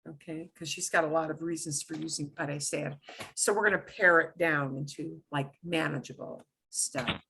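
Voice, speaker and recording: A woman's voice: sits low, fairly even intonation, normal speed, gravelly, bright, forceful tone, slight background noise. A middle-aged woman teaching a Spanish class, explaining grammar step by step in a chatty way with fillers and asides.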